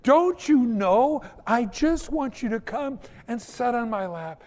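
A tender, coaxing heavenly father speaks slowly and kindly, with a man doing the voice. The voice sits fairly high and lifts in lively arcs. A long hall reverb trails behind each phrase. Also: exaggerated voice. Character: gentle loving heavenly father, male.

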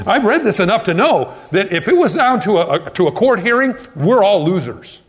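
A man preaching a sermon as pastor, asking questions and answering them himself. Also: high-pitched. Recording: long hall reverb.

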